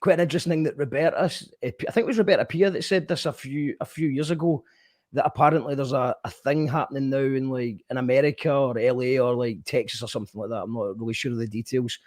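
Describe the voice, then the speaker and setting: A man's voice: medium pitch, fairly even intonation, fast talker, darkish tone, dry recording. A Scottish man hosting a casual radio interview, talking in loose restarts and reading out listener entries. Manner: conversational, trailing restarts, reads out listener entries. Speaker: radio show host.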